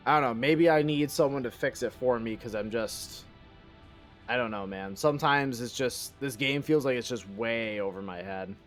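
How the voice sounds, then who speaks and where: A man chatting loosely while he streams a game, rambling from one joke to the next and swearing freely. His voice sits at an average pitch, with faint music playing underneath. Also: normal speed. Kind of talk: casual live-stream chat.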